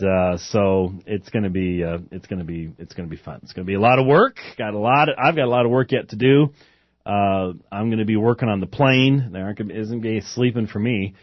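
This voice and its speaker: A man's voice: lowish voice, dry recording, lo-fi sound. A man hosting a talk show, chatting casually and wandering off topic, with many fillers and restarts. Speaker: podcast host. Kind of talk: casual rambling commentary.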